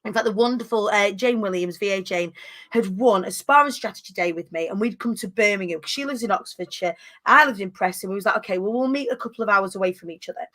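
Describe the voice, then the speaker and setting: A woman's voice: medium pitch, quick pace, a bit bright. A woman hosting a casual chat, effusive and colloquial. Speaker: host.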